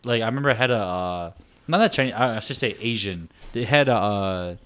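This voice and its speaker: A man's voice: on the low side, a little fast, smooth. A young man hosting a casual podcast chat, telling stories and acting out quotes. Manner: animated storyteller, acts out quotes. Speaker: podcast host. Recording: faint background noise.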